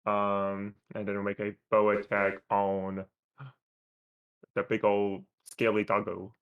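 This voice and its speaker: A man playing in an online tabletop game, talking in a relaxed, slangy way over voice chat. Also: on the low side, takes it slowly, phone-quality sound. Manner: relaxed, slangy, unsure of the tools. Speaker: player.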